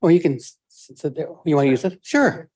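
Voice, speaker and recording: A man's voice: a little high, animated, fairly quick, a little mellow. A man chairing a public planning meeting, friendly and informal as he invites speakers forward. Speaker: meeting moderator.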